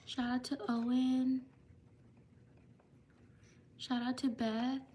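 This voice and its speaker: A woman hosting a livestream, reading viewers' names for shout-outs in a slow, repetitive way. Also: high voice, little pitch movement, slight background noise. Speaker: livestream host.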